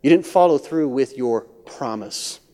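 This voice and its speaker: A man preaching a sermon as pastor of a church, swinging from hushed near-whispers to loud, high-pitched acted-out voices. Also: lively intonation, a little slow. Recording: long hall reverb.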